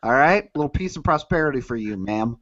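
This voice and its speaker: A man's voice: mid-range voice, lively intonation, fast, a bit bright, no room sound. A man co-hosting a casual comedy podcast, swearing freely, laughing, and reading news stories aloud with jokes. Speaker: podcast co-host. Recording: dull, dry lo-fi sound.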